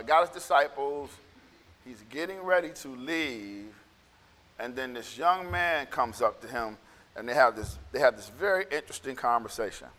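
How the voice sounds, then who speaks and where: A man's voice: medium pitch, fairly bright tone. A man preaching a casual, conversational sermon. He repeats himself and acts out the people he quotes. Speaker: pastor. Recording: echoey hall.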